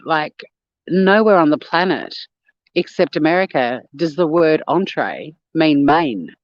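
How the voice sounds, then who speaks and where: Her low, expressive voice moves at an unhurried pace as this Australian woman runs a relaxed phone livestream, chatting with viewers and reading their comments. She laughs often and swears freely. The audio is dry and muffled.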